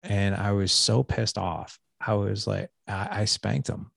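A man's voice: on the low side, a little slow, vocal fry, fairly bright tone, no room sound, studio quality. A man in his forties, a podcast guest, earnestly telling a personal story in a candid, confessional way. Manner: earnest, confessional, with frequent restarts and "like".

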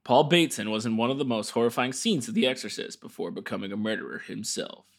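A man's voice: mid-range voice, animated, fast talker. Male co-host, dry laid-back storyteller, casual chat with occasional reading. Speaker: podcast co-host telling a story.

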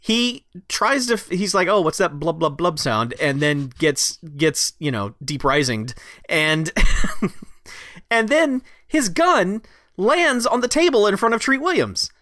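A man on a podcast chatting about a movie, animated and incredulous, swearing now and then. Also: high voice, slow, dry recording, clean studio sound. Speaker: podcast co-host. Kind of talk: casual movie recap chat.

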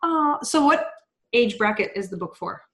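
A woman hosting a casual interview with a friend, playful and quick to laugh. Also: on the high side, lively intonation, fairly bright tone. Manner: playful, laughs often, self-teasing. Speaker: interviewer, host.

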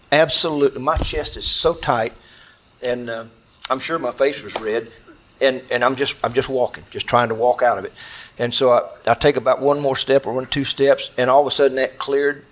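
A man's voice: mid-range voice, fairly even intonation, a bit bright, slight background noise. A man telling a gripping personal story to people sitting with him, often stumbling and repeating words as he relives it. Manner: halting and intense, repeating words as he relives events. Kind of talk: personal storytelling to a small audience.

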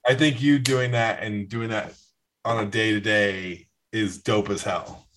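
Low-voiced male podcast host. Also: steady tone, measured pace, fairly bright tone, slight background noise, poor audio. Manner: brief backchannel replies. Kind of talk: casual chat.

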